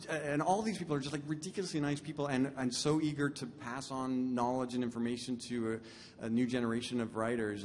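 Brief: an enthusiastic, self-deprecating songwriter chatting between songs, mid-pitched man, long hall reverb. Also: a little mellow, slight background noise. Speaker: composer and lyricist. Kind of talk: casual stage chat. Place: concert stage.

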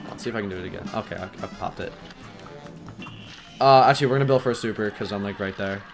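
A man giving rambling live gameplay commentary, excitable and prone to yelling when things get stressful. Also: lowish voice, fast talker, vocal fry, faint music behind. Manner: rambling, filler-heavy. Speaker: gaming YouTuber.

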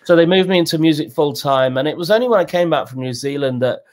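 A man in his sixties, a guest telling candid, animated stories in a conversational interview. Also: fast. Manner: animated, jumps in pitch, acts out quotes.

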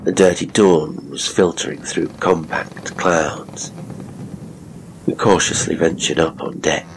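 Deep, gravelly male horror narrator. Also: steady tone, background noise. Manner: measured, dramatic storytelling.

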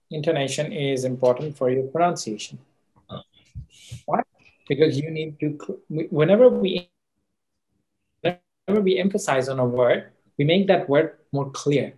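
A man teaching an exam coaching class in a classroom, with an Australian accent, emphatic, checking in with students often and correcting himself mid-sentence. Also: fairly high pitch. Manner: frequent fillers and self-corrections. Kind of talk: classroom lecture.

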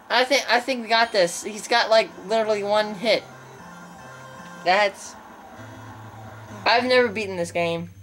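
A young woman giving casual gameplay commentary on her channel, excitable and trash-talking the opponents. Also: on the high side. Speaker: gaming channel host.

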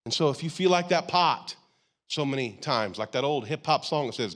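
A man's voice: medium pitch, lively intonation, moderate pace, a bit bright. Man, pastor, casual sermon, church auditorium, talks to the crowd like a friend. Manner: conversational preaching with frequent "you gotta" and "like".

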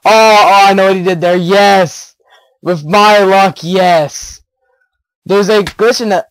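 A teenage boy giving rambling, excitable gameplay commentary on a headset mic, with giggles and sudden loud outbursts. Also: high voice, slow, low-quality recording. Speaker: gaming YouTuber.

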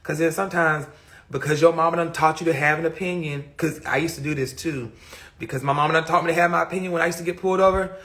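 A young man hosts a live stream indoors from his phone, rambling casually, trailing off into mutters and second-guessing himself in a reflective way. His voice sits a little high with fairly even intonation and a fairly bright tone, and he talks fast into the phone mic.

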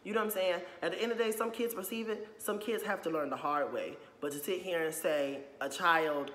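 A man's voice: a little high, a little fast, few pauses, a bit bright, a little hiss or hum. A young man ranting in a casual opinion vlog, blunt and profane, repeating "you know what I'm saying" again and again. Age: young adult. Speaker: YouTuber. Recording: echoey room with long reverb.

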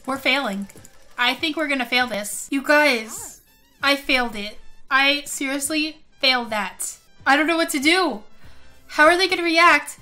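A young woman doing excitable casual let's play commentary, gasping and saying like a lot. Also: high voice, unhurried, soft background music. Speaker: gaming YouTuber.

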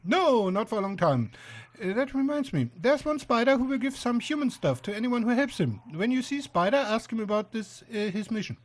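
Man doing a simple, proud spider guard in a game, raised and lively. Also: very high voice, brisk, pitched above the performer's own voice. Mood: chatty. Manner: earnest, proud and simple-minded. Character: eager dim-witted male spider guard.

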